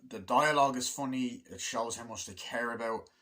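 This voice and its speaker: A man reviewing a favourite film in a loose, excitable ramble, swearing freely and leaning on fillers. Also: mid-range voice. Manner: acts out movie lines in quick put-on voices.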